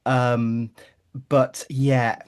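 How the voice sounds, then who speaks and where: A man's voice: medium pitch, level tone, very slow, clean tone. A man from Birmingham, England, chatting playfully as a podcast guest, laughing often. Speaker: guest co-host. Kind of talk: podcast chat.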